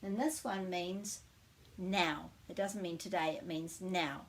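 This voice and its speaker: A woman with a New Zealand accent giving a casual language lesson, friendly and slowing down to model each word. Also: lowish voice, steady tone. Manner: friendly, slows down to model pronunciation. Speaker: language teacher.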